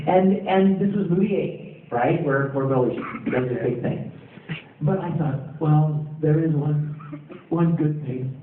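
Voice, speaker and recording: Animated man telling stories in an echoey hall. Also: a little high, slow. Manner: animated storyteller acting out quotes and yells. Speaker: convention panel guest. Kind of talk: telling stories to a convention audience. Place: large convention hall. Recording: echoey, tinny, from far, noisy crowd. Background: crowd noise.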